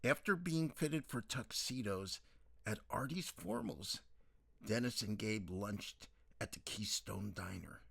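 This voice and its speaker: Male audiobook narrator, slow, lively pitch, husky, dry sound. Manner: slow, expressive storytelling. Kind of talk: novel reading.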